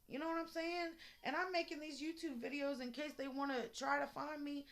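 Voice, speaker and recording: A woman's voice: high voice, steady tone, brisk, few pauses, fairly bright tone. Raw, emotional woman vlogging. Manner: raw, emotional and blunt, heavy swearing. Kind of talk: personal vlog monologue. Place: indoors at a relative's home.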